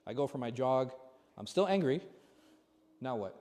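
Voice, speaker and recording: A man's voice: mid-range voice, sing-song, moderate pace, mellow. Man teaching in an echoey hall. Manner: asks the audience rhetorical questions. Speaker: imam teaching a class. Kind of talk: conversational religious lesson. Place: large mosque hall. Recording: long hall reverb.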